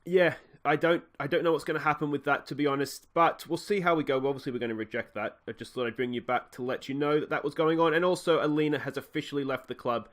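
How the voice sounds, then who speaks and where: A man's voice: on the high side, quick pace, few pauses. An Australian man hosting a video game let's play, chatting casually and thinking aloud with frequent fillers.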